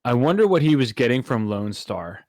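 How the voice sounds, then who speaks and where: A man's voice: medium pitch, sing-song, moderate pace, a little mellow, no room sound, studio quality. A man hosting a casual podcast, thinking aloud in a rambling, easygoing way. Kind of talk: casual chat.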